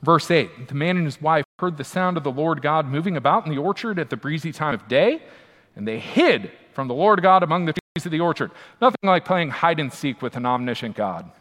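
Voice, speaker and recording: Pastor, male, conversational sermon delivery, emphatic asides, slightly high voice, long hall reverb. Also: animated, a little fast, fairly bright tone.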